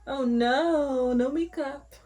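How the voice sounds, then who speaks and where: A woman's voice: high voice, slow, dark tone, slight background noise, rough recording. A woman vlogging at home as she gets ready, chatting casually and thinking aloud to herself. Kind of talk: casual rambling narration.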